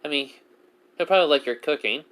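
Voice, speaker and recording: A man's voice: on the high side, quick pace, fairly bright tone, voice pushed up, close to an everyday voice. A man putting on a bubbly young waitress. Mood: teasing. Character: cheerful teasing young waitress girl.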